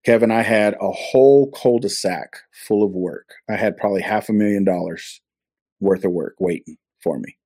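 A man from California with a somewhat low voice gives a personal testimony in a casual interview. He tells it earnestly and acts out the back-and-forth of the conversations he recalls, heard over a video call. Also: moderate pace, warm tone, no echo, clean studio sound. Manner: earnest storytelling that acts out quoted dialogue. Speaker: interview guest.

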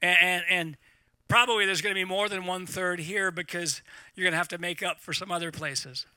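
Bright, high-voiced man preaching. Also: fairly quick, smooth, dry recording. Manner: animated, repeats words, laughs at own points. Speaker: pastor. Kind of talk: sermon to a live congregation.

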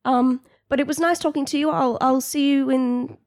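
A woman's voice: high voice, fairly even intonation, normal speed, darkish tone, no echo, studio quality, voice pushed up, natural voice. A woman voicing an earnest, protective mother in a tabletop role-play, stammering and repeating her words. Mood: flustered, polite.

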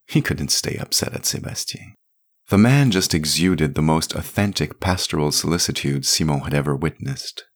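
A man narrating a story podcast in an expressive, measured way. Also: rumbling low.

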